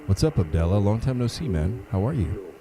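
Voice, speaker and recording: A man's voice: on the low side, big pitch swings, brisk, crowd noise, low-quality recording. A man hosting a casual livestream, greeting viewers by name in a laid-back way, a little under the weather and sniffling. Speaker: livestream host.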